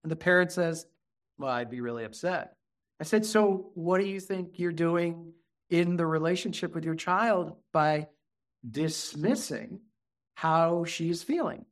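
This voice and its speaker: Earnest higher-voiced man. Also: unhurried. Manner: earnest, acts out soothing dialogue softly. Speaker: guest, child therapist. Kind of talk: conversational interview.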